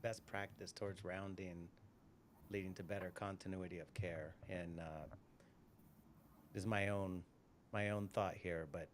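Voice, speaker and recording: A man's voice: low-pitched, slight background noise. A middle-aged man hosting a live interview, chatting casually and telling stories, often repeating words as he goes. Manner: rambling, repeats words, storytelling. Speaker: podcast host.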